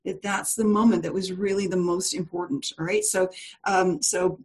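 A woman's voice: lowish voice, steady tone, moderate pace. A woman leads a live online class over a video call, chatty and encouraging. She laughs easily, leans on fillers and restarts, and keeps talking straight to her students. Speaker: course leader.

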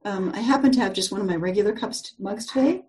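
Mellow-voiced woman coaching a group call. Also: mid-range voice, fast talker, rough recording. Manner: chatty, warm storytelling with frequent fillers and restarts. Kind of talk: live group call teaching.

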